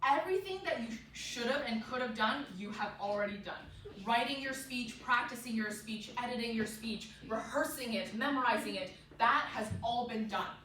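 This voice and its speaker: A woman teaching a public speaking class to kids and their parents, lively and direct, checking in with "right?" and acting out the nervous thoughts she describes. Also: on the high side, moderate pace, hardly any pauses. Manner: lively, tags lines with "right?", acts out quoted inner voices. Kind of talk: classroom lecture. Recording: echoey room, voice from far off, audible noise.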